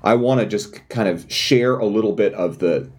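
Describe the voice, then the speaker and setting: A man with a fairly low voice plays his character in a tabletop role-playing game. He talks in halting, earnest bursts, often starting over and hunting for words. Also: a little mellow. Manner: halting, lots of fillers and restarts, earnest. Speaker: player.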